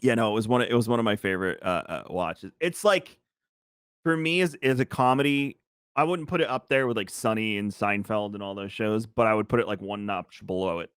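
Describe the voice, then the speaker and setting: A man's voice: fairly low pitch, expressive, a little fast, clean tone, dry recording. Dry-voiced man rambling in podcast chat. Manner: rambling, enthusiastic recommending. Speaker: podcast co-host. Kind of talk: casual chat.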